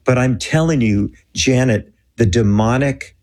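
A man telling a story in an earnest, animated way on a Christian talk show, acting out the dialogue. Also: medium pitch, measured pace. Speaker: guest telling a mission story.

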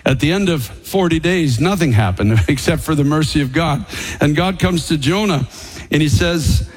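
A man's voice: on the high side, moderate pace, rough recording. A man preaching a sermon as pastor, emphatic and paraphrasing scripture with light chuckles.

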